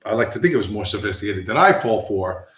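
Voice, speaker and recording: A man's voice: fairly low pitch, lively intonation, fast talker, a bit bright, reverberant. Man ranting with constant swearing. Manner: profane, heated, blunt. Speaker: livestream host. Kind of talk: ranting livestream monologue.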